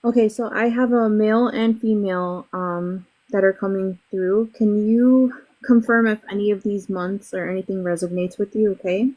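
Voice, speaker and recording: A woman psychic reader opening a live reading, briskly asking the sitter to confirm dates, with many ums. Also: medium pitch, fairly even intonation, a little mellow, low-quality recording.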